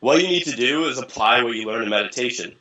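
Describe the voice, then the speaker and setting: A young man with a bright, forceful voice, talking as an interview guest. He tells his stories casually and with energy, swearing freely and playing out the voices of the people in them. His pitch sits in the middle range. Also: fast talker, lo-fi sound. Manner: animated, profane, acts out quoted voices. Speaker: interview guest, dating coach. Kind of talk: casual storytelling.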